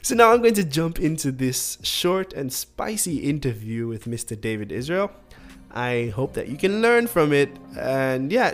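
A man's voice: fairly high pitch, very animated, a little slow, soft background music. A man from Jamaica hosting a podcast, chatty and upbeat though a little tired, laughing often. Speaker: podcast host. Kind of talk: casual podcast talk.

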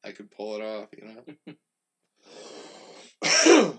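A middle-aged man co-hosting a casual podcast chat, telling crude, jokey stories with lively energy. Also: on the low side, extremely slow, breathy edge. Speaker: podcast co-host.

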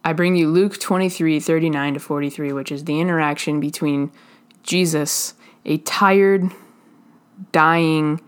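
Female preacher, earnest and halting sermon delivery, lower-pitched voice. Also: smooth.

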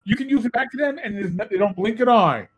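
Animated New man telling stories. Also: high-pitched, fast, breathy edge. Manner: animated storyteller, quotes people in put-on voices. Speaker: podcast co-host, former police officer. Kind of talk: casual storytelling chat.

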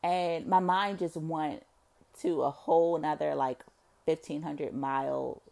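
A woman's voice: slow, creaky. A woman musing aloud to her viewers in a casual monologue, rambling with many fillers and swearing freely. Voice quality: expressive, swings between low murmur and loud outbursts. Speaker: vlogger.

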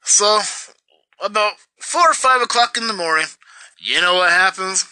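Young man, rambling bitter rant, lively pitch, tense edge. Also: normal speed, no room sound, poor audio. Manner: bitter, rambling with many fillers. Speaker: vlogger. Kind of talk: ranting personal story.

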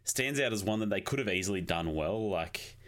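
Deep-voiced critical man. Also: expressive, a little fast, fairly bright tone. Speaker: podcast co-host. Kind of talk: casual film review chat.

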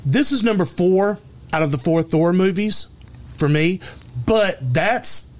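Sarcastic podcast guy, kinda high voice, keeps restarting his sentences. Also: measured pace. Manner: sarcastic, rambling with restarts, swears. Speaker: podcast co-host. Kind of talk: casual movie review chat.

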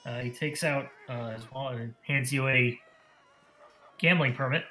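Bright-voiced man running a tabletop game. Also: mid-range voice, steady tone, moderate pace. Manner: laughs often, fills gaps with "uh" and "um". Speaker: dungeon master. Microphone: online voice call.

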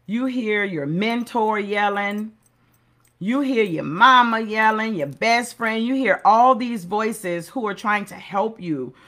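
A woman's voice: mid-range voice, takes it slowly, a bit bright. A middle-aged woman hosting a motivational segment, speaking earnestly in a preacherly way and repeating key phrases for emphasis. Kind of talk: motivational talk.

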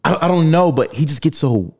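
A man's voice: a little high, expressive, brisk, a little mellow, slightly rough. A man hosting a podcast, chatting casually, teasing his friends and laughing often. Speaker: podcast host. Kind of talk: casual chat.

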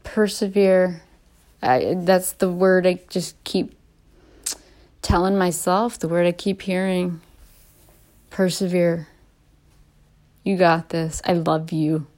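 A woman in her late thirties talking in a casual, heartfelt and rambling way as a vlogger, often laughing softly between restarts. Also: fairly low pitch, flat delivery, takes it slowly, long pauses. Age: late 30s. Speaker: vlogger and podcaster. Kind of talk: casual heartfelt personal talk.

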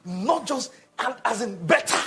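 A male preacher delivering a call-and-response sermon that builds to shouting. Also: very high-pitched, lively intonation, unhurried, over music.

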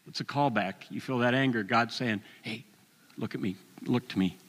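A man in his sixties preaches a sermon in a mid-range voice, with a long reverb tail on the sound. He tells a personal story with animated delivery and occasional chuckles.

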